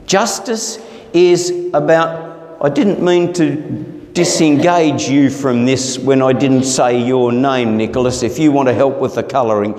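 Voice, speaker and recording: A man's voice: mid-range voice, fairly even intonation, measured pace, a little mellow. A middle-aged man with an Australian accent, preaching a sermon in a conversational, storytelling way. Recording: roomy hall with long reverb.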